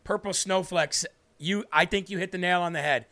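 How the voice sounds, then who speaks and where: A man's voice: high voice, normal speed, bright, forceful tone. A man hosting a Christian talk show, speaking to viewers with emphatic, preachy conviction and answering their comments. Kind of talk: impassioned faith talk to viewers.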